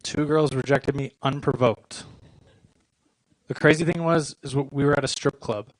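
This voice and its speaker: On a comedy club stage, a man in his twenties delivers a stand-up set with deadpan, self-deprecating humor and short punchlines. His voice is mid-range at a moderate pace, with no room sound, though the recording is rough.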